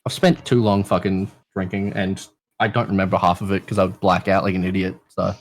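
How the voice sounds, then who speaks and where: A man with an Australian accent, a podcast guest telling a crude story in a casual, lively way and swearing often. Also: sits low, fairly quick, slight background noise.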